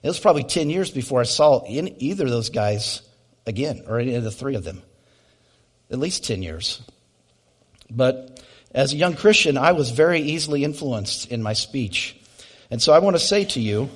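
A man's voice: mid-range voice, slightly rough. A middle-aged male pastor giving a sermon with prayer, telling personal stories in a conversational way with asides.

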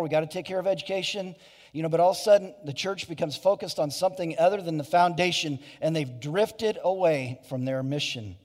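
A man's voice: sits high, a little mellow. A man preaching a sermon to his church, earnest, with many restarts and asides. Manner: earnest preaching with frequent restarts and "you know". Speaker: pastor. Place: church sanctuary. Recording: hall reverb.

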